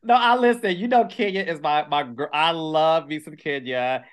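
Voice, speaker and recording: A man's voice: fairly high pitch, normal speed, clean tone. A man hosting a casual podcast interview, talking in an emphatic, insistent way. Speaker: podcast host.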